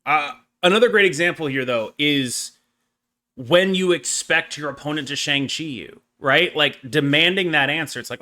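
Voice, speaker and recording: Podcast host, male, bright forceful voice, quick animated delivery. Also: fairly high pitch. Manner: animated, fast rambling explanations. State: brief coughing fit. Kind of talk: casual card game chat.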